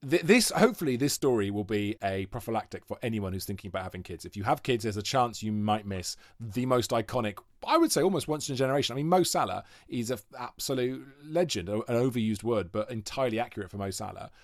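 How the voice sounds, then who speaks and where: A man telling an animated story in casual podcast chat, swearing and laughing as he goes. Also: medium pitch, fast talker, few pauses, no echo, clean studio sound. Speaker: podcast guest.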